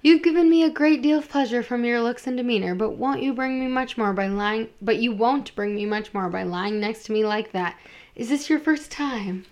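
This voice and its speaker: A woman's voice: a little high, normal speed, a little mellow, highs cut off, natural voice. Bold flirtatious woman, read by a woman. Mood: teasing. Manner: flirtatious, forward. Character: bold, teasing woman at a bawdy house.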